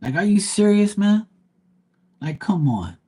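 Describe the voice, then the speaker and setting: A man's voice: sits high, sing-song, unhurried, warm tone, slightly rough. A man reading tarot live, telling a story in a blunt, heated rant and cursing freely. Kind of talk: ranting livestream monologue.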